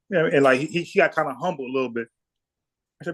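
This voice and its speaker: A man's voice: on the high side, fairly quick, pauses often. A man from South Carolina hosting a livestream, talking bluntly and profanely, repeating words when he gets fired up. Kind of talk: casual heated debate.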